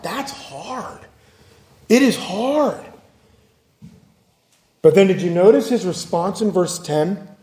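Male preacher, high voice, earnest, acts out quotes, echoey church hall. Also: a little mellow. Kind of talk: sermon. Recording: echoey room.

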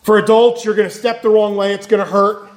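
High-voiced preacher in an echoey room. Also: male voice, flat delivery, fairly quick. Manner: earnest, builds emphasis with repetition and rhetorical questions. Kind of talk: sermon.

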